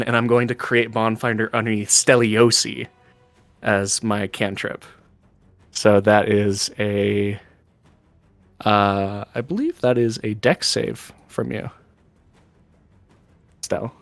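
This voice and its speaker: A man plays a tabletop game, speaking at a slow pace as he works through his turn and fills the gaps with ums. His voice is dry and close, with faint music behind him. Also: fairly low pitch, level tone, a bit bright, dry recording. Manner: slow, thinking aloud with fillers. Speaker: player.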